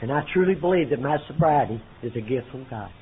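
A man speaking at a recovery meeting, telling his story in a folksy way, booming on punchlines and dropping low for quoted lines. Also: animated, fast, breathy edge. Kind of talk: personal testimony to a meeting. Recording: tinny phone-like recording with faint noise.

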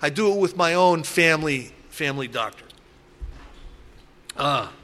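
A middle-aged man in recovery telling stories from his drinking past in a casual, animated way, acting out other people loudly and restarting his sentences often. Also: high-pitched. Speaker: recovering alcoholic sharing his story. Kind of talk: casual storytelling talk.

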